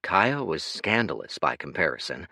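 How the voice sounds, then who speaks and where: A man narrating an audiobook in an expressive, dramatic reading. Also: deep voice, moderate pace, no echo, clean studio sound.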